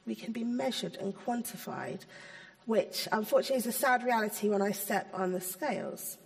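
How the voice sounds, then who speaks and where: A woman giving an informal, chatty sermon to a church, full of ums and gentle asides. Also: medium pitch. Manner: chatty, hesitant, many ums. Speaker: church speaker. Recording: long hall reverb.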